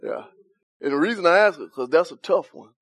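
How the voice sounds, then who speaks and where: A man's voice: fairly high pitch, animated, fairly quick, a bit bright, no room sound. A man leading an interactive Bible study, asking the group questions, chuckling often and talking in a loose, informal way.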